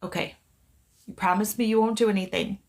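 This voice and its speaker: Gentle pleading woman on a live stream. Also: medium pitch, fairly even intonation, brisk, gravelly. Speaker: psychic medium live-streaming. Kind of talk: live stream, one side of a conversation.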